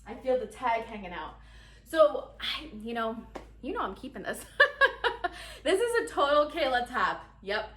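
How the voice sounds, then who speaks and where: A woman's voice: on the high side, big pitch swings, a little slow, fairly bright tone, distant mic. Chatty giggly woman in an echoey room. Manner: chatty, giggly, talks straight to viewers. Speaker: fashion vlogger. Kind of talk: casual try-on haul chat.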